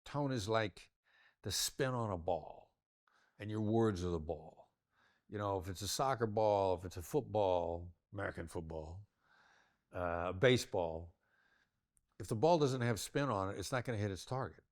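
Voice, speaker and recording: A man's voice: lowish voice, moderate pace, no room sound, clean studio sound. An older man, a negotiation expert giving an interview, who talks in a demonstrative way and shifts his tone to illustrate his points. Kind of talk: interview conversation.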